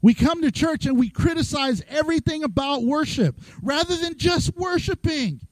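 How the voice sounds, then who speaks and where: A middle-aged man preaching a lively, joking sermon as pastor, acting out quoted voices. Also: very high voice, normal speed, no echo, poor audio.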